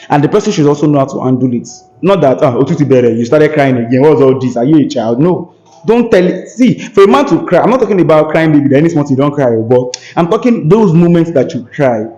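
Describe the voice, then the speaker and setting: A man's voice: on the high side, mellow, highs cut off. A young man talking earnestly and emphatically as a podcast guest, with a preacherly tone. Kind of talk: earnest conversational talk.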